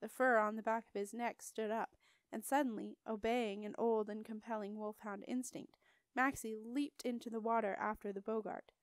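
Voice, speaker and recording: A woman reading a children's fantasy audiobook aloud in an even storytelling manner. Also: fairly high pitch, normal speed, clear, resonant tone, dry recording. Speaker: audiobook reader. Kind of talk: audiobook narration.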